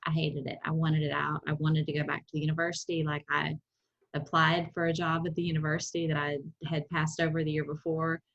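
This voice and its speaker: A woman's voice: low voice, flat delivery, brisk, fairly bright tone. A middle-aged woman, co-hosting a podcast and telling rambling stories in casual chat. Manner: rambling, conversational with many asides. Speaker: podcast co-host. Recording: dull, slightly muffled sound.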